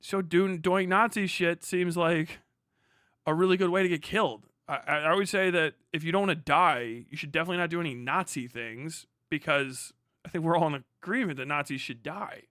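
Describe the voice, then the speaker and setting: A man's voice: a little high, brisk, pushed and bright, no room sound, clean studio sound. An American man streaming a profane, sarcastic rant as he reacts to a clip, laughing often as he mocks. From United States.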